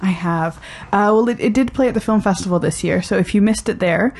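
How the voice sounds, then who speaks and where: A woman's voice: mid-range voice, fairly quick, darkish tone. A woman with a Canadian accent co-hosting a film podcast, reading out reviews with a dry, wry delivery. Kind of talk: casual chat and read review.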